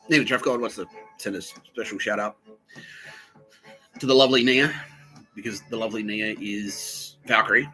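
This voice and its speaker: A man's voice: lowish voice, bright, forceful tone, poor audio. Giggly crude man rambling. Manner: crude, giggly, jokey, talks to an absent listener. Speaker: podcast host. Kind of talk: rambling solo podcast monologue.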